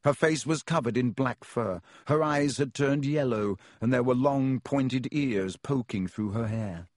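A man narrating an audiobook with steady storytelling. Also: mid-range voice, a little slow, few pauses, no echo, clean studio sound. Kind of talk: scripted narration.

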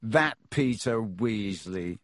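Un homme qui fait un écolier arrogant à la voix traînante. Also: male voice, lowish voice, lively intonation, dry recording, clean studio sound. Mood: sneering drawl. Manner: slow drawl, sneering. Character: sneering arrogant teenage schoolboy.

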